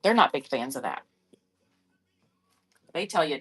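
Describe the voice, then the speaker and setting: A woman's voice: low voice, expressive, measured pace, a bit bright, slightly rough. A middle-aged woman chatting casually on a live-stream sale, rambling and thinking aloud while she checks sizes. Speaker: online reseller selling on a live shopping app.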